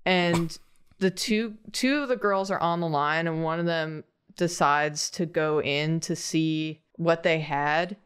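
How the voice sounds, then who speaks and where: A woman's voice: low voice, clean tone. A woman from Long Island telling a funny story in a casual chat, laughing as she goes. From Long Island, New York. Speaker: show regular, artist.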